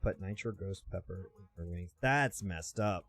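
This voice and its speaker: A man's voice: low voice, normal speed, fairly bright tone, no room sound, soft background music. A man hosting a casual reaction video, teasing and chuckling at what he watches.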